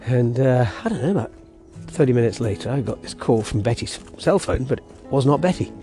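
A man with a relaxed, mellow voice tells a meandering story for his podcast, restarting sentences and breaking off to coax his dog along. He records outdoors on a walk with a portable mic. Faint music plays behind him. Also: medium pitch, brisk. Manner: rambling, self-interrupting, chatty with his dog. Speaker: podcast host. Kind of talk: casual storytelling monologue.

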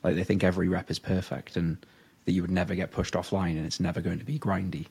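A man's voice: sits low, flat delivery, quick pace, gravelly, a little mellow, breathy edge. A young man co-hosting a casual podcast chat, telling stories with lots of fillers and laughs. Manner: chatty storytelling, frequent "like" fillers and laughs. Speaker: podcast co-host, powerlifter.

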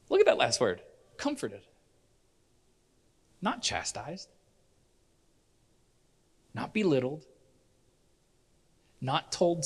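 A man's voice: mid-range voice, wildly swooping pitch, slow, pauses often, slightly rough. A middle-aged man preaching a sermon in church, earnest and conversational, often restarting his sentences. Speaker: pastor.

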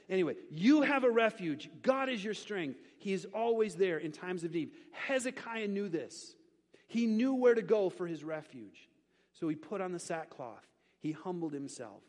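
Male pastor preaching in a church, high voice, lots of repeat-after-me and little jokes, long hall echo. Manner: repetitive call-and-response, playful asides. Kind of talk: sermon. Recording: reverberant hall.

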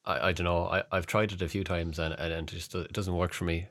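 Irish lad with a really low voice, joking around on a podcast, dry close sound. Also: male voice, level tone, a bit bright, dry recording. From Ireland. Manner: jokey, laughs often, halting. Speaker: podcast co-host. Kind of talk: casual banter.

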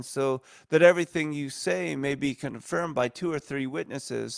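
A man's voice: on the high side, gravelly, no echo, studio quality. A man preaching a sermon as a pastor, earnest and emphatic, stacking repeated phrases.

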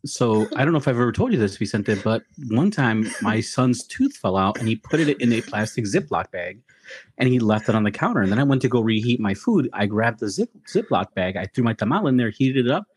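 A man's voice: mid-range voice, sing-song, fairly quick, breathy edge. Playful, teasing middle-aged man. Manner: teasing, playful, laughs often. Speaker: podcast co-host. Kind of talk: casual chat.

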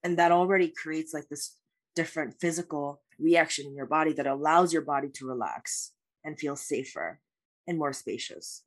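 A woman's voice: low voice, moderate pace. A woman speaking as a life coach guest in an interview, answering in an earnest, reflective way with many "like" fillers.

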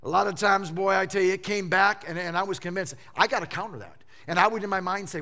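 A man in his fifties preaching a sermon, swinging between hushed low moments and loud emphatic outbursts, often stammering and repeating words as he pushes a point. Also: a little fast, few pauses. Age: 50s. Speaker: pastor.

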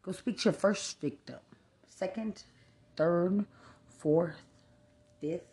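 Woman going off on a cursing rant, low voice, slow, rambling all over the place. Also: mellow. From Texas. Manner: angry, cursing, jumping between thoughts. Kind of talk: profane rambling rant to camera.

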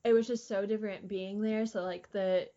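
Speaking into a studio mic in an air-conditioned room, a young adult woman chats casually as a podcast guest, wandering through her stories with plenty of fillers and laughs. Her mid-range voice is warm, fairly even in intonation, and moderately paced, though the recording's highs are cut off.

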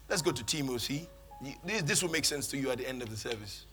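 A man's voice: medium pitch, lively intonation, fast, sharp tone, soft background music. A man preaching a sermon in church, leading the congregation in call-and-response. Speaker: pastor.

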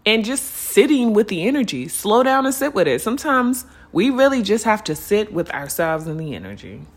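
A woman hosting a spiritual podcast, talking casually and earnestly to her listeners, calling them y'all and unicorns. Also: medium pitch. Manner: earnest and lively, stretching words when urging listeners to slow down. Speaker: podcast host. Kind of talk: reflective spiritual podcast monologue.

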